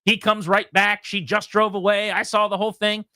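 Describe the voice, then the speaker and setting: A man hosting a radio show, telling a story in a casual, animated way and acting out the voices of the people in it. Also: sits high, moderate pace, no echo, studio quality.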